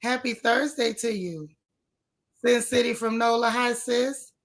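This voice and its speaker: A woman's voice: on the high side, a little slow, vocal fry. Folksy woman with a strained voice. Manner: folksy, chatty, greets viewers one by one. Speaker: livestream host. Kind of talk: casual live-stream chat.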